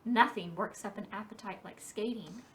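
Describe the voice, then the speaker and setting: A woman reading a picture book aloud at a library storytime for preschoolers, in a slow and expressive storybook cadence. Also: medium pitch, far from the mic, heavy background noise.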